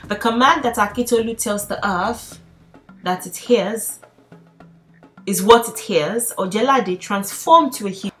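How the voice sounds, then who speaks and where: A woman's voice: mid-range voice, animated, measured pace, fairly bright tone, faint music behind. A young woman teaching a casual spoken lesson, chatty and laughing often, with playful mock pleas. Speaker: language teacher.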